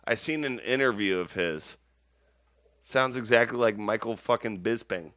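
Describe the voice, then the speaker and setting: A man's voice: on the low side, normal speed, fairly bright tone, no room sound, studio quality. A man in his forties chatting casually as a podcast co-host, rambling and swearing freely. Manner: rambling, heavy swearing, laughs easily. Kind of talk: casual chat.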